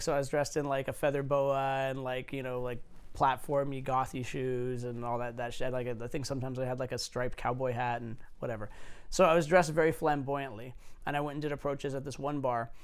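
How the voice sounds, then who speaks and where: Man telling stories, smooth voice. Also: mid-range voice. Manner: swearing, filler-heavy, anecdotal. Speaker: dating coach. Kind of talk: casual storytelling.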